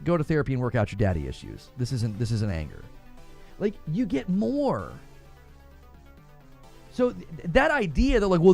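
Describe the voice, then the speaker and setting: A man hosting a gaming news livestream, arguing his points with emphatic, preacher-like passion and reading viewer comments aloud. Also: a little high. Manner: fiery, preacher-like emphatic delivery.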